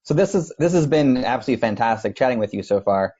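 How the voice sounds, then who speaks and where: A man's voice: medium pitch, expressive, fast talker, warm tone. A man hosting an interview, polite, mostly giving short replies and thanks. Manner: polite, mostly brief agreement sounds. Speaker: podcast host. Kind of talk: casual interview. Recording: dull lo-fi audio.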